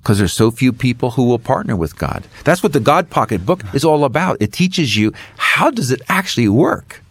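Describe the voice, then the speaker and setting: A man's voice: mid-range voice, moderate pace, vocal fry, husky, dry recording. A middle-aged man, an author and guest, telling a faith story and acting out the voices in it. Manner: animated storyteller acting out dialogue.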